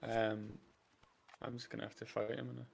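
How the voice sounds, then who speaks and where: A man's voice: lowish voice, completely flat delivery, fairly quick, creaky, slight background noise. A man with a Birmingham accent, a game streamer bantering casually and reacting to the game as he plays. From England. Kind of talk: casual chat while playing a game.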